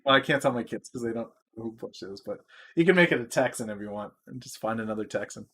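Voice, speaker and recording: A man's voice: medium pitch, animated, quick pace, pushed and bright. Rambling male stock streamer. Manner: rambling, answers chat, restarts often. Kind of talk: casual live-stream chat.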